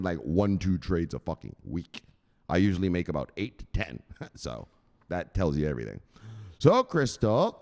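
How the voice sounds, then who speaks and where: A man hosting a casual livestream, giving loose, profane shoutouts to viewers with laughs along the way. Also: on the low side, in a large hall. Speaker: host.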